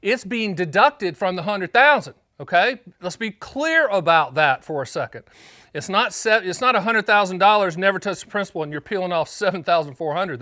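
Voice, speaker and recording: A man from North Carolina hosting his own show as an annuity agent, talking straight to camera in an energetic, joking, emphatic way. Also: a little high, dry recording, clean studio sound. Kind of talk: casual direct-to-camera explainer.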